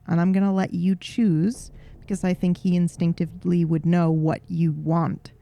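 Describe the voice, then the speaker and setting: Gravelly, mellow game master. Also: mid-range voice, level tone, normal speed. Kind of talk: narrating a tabletop game.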